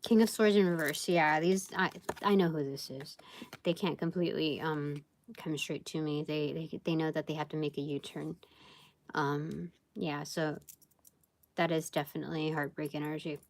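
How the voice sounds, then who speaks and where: A woman's voice: low voice, fairly even intonation, moderate pace. A woman giving a casual live tarot reading, rambling and thinking aloud with many fillers. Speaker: tarot reader.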